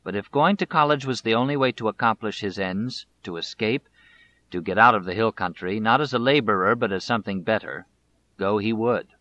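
A male audiobook narrator who reads a biography in a measured, deliberate way. His voice has a somewhat low pitch and a bright, forceful tone. The recording is muffled and lo-fi.

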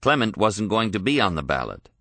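A man reading a history audiobook in a measured, even storytelling manner. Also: on the low side, no echo. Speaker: narrator. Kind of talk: scripted audiobook narration.

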